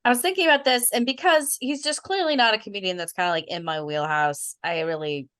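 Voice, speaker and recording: A woman's voice: mid-range voice, fast talker, fairly bright tone, clear, resonant tone. A woman co-hosting a podcast, giving hesitant, hedging opinions. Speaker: podcast co-host.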